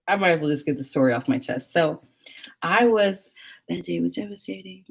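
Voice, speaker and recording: A woman telling stories in casual chat, rambling and chatty with many fillers. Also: sits low.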